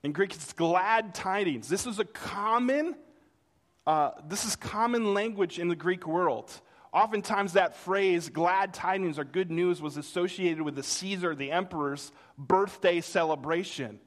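A pastor, a middle-aged man, delivers a sermon in a high, unhurried voice. He tells a story from his childhood with lively energy, performing the voices of its characters.

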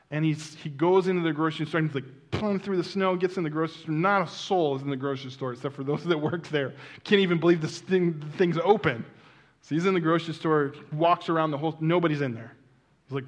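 A male pastor telling a story in a sermon, acting out the people in it with lively voices and laughter, then closing softly and earnestly. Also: fairly high pitch, a little fast.

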